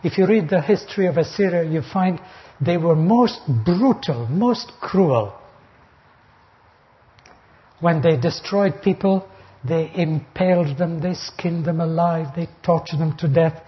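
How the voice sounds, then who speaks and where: Older male preacher, fairly high voice, emphatic verse-by-verse sermon, muffled lo-fi tape. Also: a little slow. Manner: emphatic, rising sharply on quoted taunts. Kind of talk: expository Bible sermon. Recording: dull lo-fi recording.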